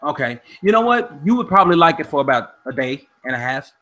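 A man's voice: a little high, big pitch swings, fast talker, bright, forceful tone. A middle-aged man hosting a podcast in casual chat, playful, steering the talk and reading out listener comments. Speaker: podcast host.

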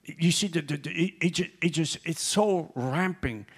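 A man preaching as a guest in a church, animated, his voice climbing as he tells a story, repeating himself and restarting his sentences often. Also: a little high, normal speed, husky. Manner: animated, voice rising when telling stories. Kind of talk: sermon. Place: church hall.

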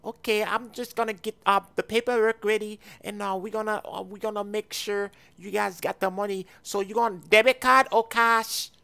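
A man roleplaying a car seller in a game, talking loud and argumentative in street slang. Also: high-pitched, steady tone, moderate pace, creaky, hardly any pauses, clean tone.

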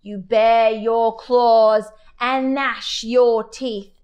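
A woman's voice: fairly high pitch, fairly even intonation, very slow, a little mellow, highs cut off. Lion Lessons' blunt lion coach, read by a woman. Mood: instructing. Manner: dry, unimpressed instructing. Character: self-assured male lion coach, blunt.

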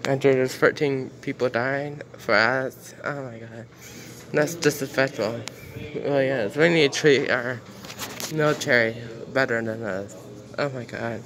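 A man's voice: medium pitch, steady tone, measured pace, a crowd in the background. A man giving casual commentary while reading news headlines aloud, exclaiming often and repeating himself in outrage. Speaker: commentary vlogger.

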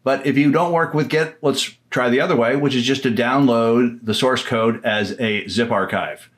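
A man's voice: medium pitch, normal speed. A man giving a casual screen-recorded tutorial, chatty and informal, with filler words and the odd joke. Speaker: software trainer.

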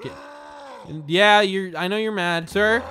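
An excitable gameplay commentator who jokes, laughs and often shouts while narrating a game. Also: medium pitch, slow pace, over music. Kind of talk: let's-play commentary.

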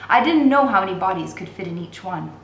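A woman teacher reads a novel aloud, steady and expressive. Her voice is at an average pitch. The room adds a clear echo. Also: brisk, a little hiss or hum. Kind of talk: read-aloud narration.

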